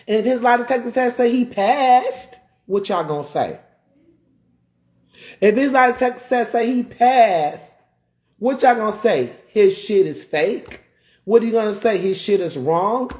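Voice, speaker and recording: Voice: medium pitch, darkish tone. Heated, emphatic live-stream ranter. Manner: emphatic, repetitive, rhetorical questions; greets viewers mid-rant. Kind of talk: ranting live-stream commentary.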